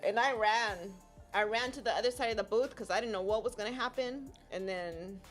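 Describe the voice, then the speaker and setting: A woman telling a story in casual chat with her co-host, expressive and laughing often. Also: fairly high pitch, fairly quick, faint music behind. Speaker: podcast co-host.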